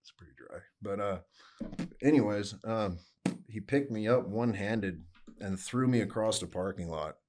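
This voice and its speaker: A man's voice: fairly low pitch, moderate pace, background noise. A man, a guest musician, casually telling rambling stories and swearing freely. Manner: laid-back, rambling, swears freely, acts out quotes. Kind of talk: casual storytelling.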